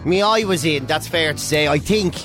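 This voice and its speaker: A man co-hosting a casual podcast, bantering quickly. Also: a little high, a bit bright, faint music behind. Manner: quick banter, puts on voices to mock people. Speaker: podcast co-host. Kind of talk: casual chat.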